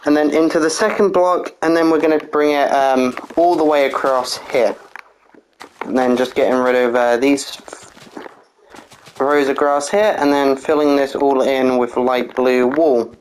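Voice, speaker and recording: A casual walkthrough narrator at a middle pitch, calmly explaining a block-by-block build. The voice counts pieces aloud and patiently fixes its own slips. A faint hiss sits under the recording. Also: a little slow, rough recording. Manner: methodical step-by-step instructions, counting blocks aloud, frequent "uh"; apologetic, corrects own slips.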